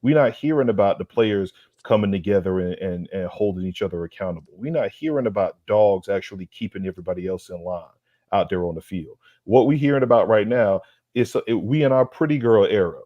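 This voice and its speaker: A man's voice: fairly low pitch, animated, brisk, no echo, highs cut off. A man co-hosting a sports podcast, ranting in a fired-up, profane way, full of streetwise slang and repeated lines for emphasis. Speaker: podcast co-host. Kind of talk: heated sports roast rant.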